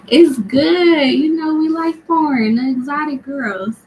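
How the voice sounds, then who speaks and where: A woman's voice: sits high, takes it slowly, slight background noise, low-quality recording. A young woman hosting a live tarot stream, chatty and laughing often as she answers viewers. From United States. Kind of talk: casual live-stream chat.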